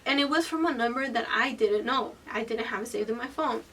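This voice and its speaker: A woman in her twenties telling a story from her own life in a vlog. She is animated and profane, and she swings between loud bursts and hushed whispered asides. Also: a little high, brisk, recorded from a distance, a little hiss or hum. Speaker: vlogger.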